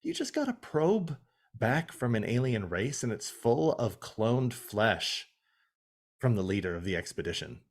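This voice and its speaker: With a medium-pitched, very animated yet unhurried delivery, a young man co-hosting a podcast chats casually through a TV episode recap. He swears and acts out what the characters said.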